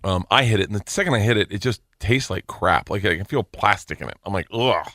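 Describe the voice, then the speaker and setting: A man, a comedian, telling a wild story on a podcast, jumping his voice up high whenever he acts out what people said. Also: quick pace, no room sound, clean studio sound. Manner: energetic, voice jumps high when acting out quotes.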